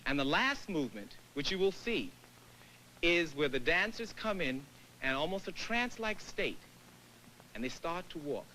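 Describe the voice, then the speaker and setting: A man's voice: a little high, big pitch swings, moderate pace, sharp tone, a little hiss or hum, rough recording. A man leading a dance lecture-demonstration on stage before an audience, counting beats and scatting rhythms aloud as he teaches. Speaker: dance company director.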